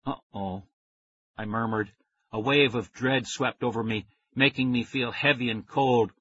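A man reading a children's story aloud in first person, with expressive storytelling. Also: medium pitch, normal speed, slightly rough. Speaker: audiobook reader. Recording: dry, dull lo-fi recording.

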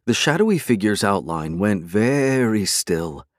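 A man narrates a story in a measured, dramatic way, his voice on the lower side. The recording is dry and close, with no room sound. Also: very animated, no room sound. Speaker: audiobook narrator. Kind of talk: scripted narration.

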